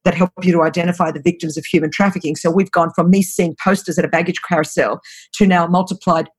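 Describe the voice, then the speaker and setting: A woman's voice: lowish voice, fairly even intonation, fast talker, breathy edge. Brief: earnest, urgent woman in her fifties, interview storytelling, stresses phrases by repeating them. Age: 50s. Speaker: anti-trafficking ministry leader.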